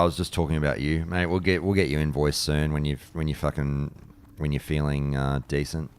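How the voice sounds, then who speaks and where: A man's voice: very deep voice, flat delivery, a little fast, clean tone, dry recording. A man chatting casually and bluntly on a live stream, swearing freely and rambling between thoughts. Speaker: streamer and podcast host. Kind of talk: casual live-stream chat while gaming.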